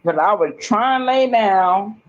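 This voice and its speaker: A woman's voice: mid-range voice, lively intonation, measured pace, lo-fi sound. A woman talking in an agitated, rambling monologue, emphatic and swearing often, repeating herself.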